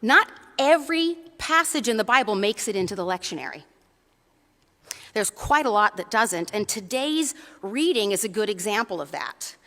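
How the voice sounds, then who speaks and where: A woman's voice: medium pitch, lively intonation, normal speed, fairly bright tone, in a large hall. A woman preacher giving a conversational sermon in a church. She tells a story and often checks in with the congregation.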